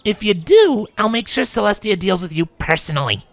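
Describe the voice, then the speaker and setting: A man's voice: high-pitched, very animated, a little fast, vocal fry, fairly bright tone, no room sound, voice pushed up, full character voice. A man voicing a brash, blunt young pegasus mare in a fanfiction reading, with a raised, teasing voice. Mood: stern.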